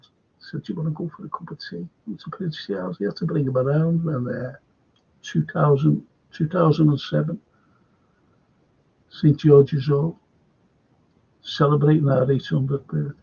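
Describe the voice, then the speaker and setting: Older Scouse host, raised pitch, rasp, telling rambling stories. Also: male voice. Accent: Liverpool. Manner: rambling anecdotes, sweary. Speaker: podcast host. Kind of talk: casual chat. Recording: dull lo-fi recording.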